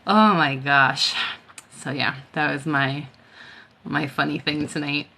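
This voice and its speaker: A woman's voice: deep voice, steady tone, slow pace, gravelly, bright, forceful tone, a little hiss or hum. A tired woman chatting casually on a live stream, telling stories and laughing often. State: tired, worn out. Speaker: Reiki healer hosting a live stream.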